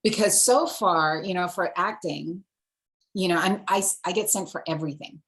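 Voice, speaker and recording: A woman from Singapore, an actor, telling stories in a lively, casual interview. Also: on the low side, moderate pace. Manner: animated storyteller, switches accents.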